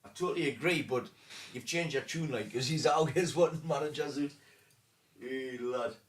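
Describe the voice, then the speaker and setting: A man's voice: medium pitch, moderate pace. A man co-hosting a casual football podcast, chatting and reading out viewer comments. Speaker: podcast co-host.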